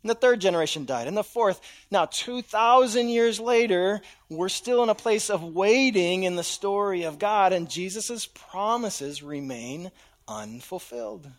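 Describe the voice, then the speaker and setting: A pastor delivers a sermon in a fairly high voice. He shifts often from near-whispers to loud, animated bursts and plays out the voices he quotes. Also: unhurried. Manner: dramatic, swings from hushed to loud, acts out voices in quotes.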